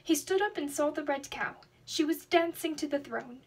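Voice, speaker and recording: A young woman reading a children's storybook aloud in an expressive, dramatic way. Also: sits high, normal speed. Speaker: student reader.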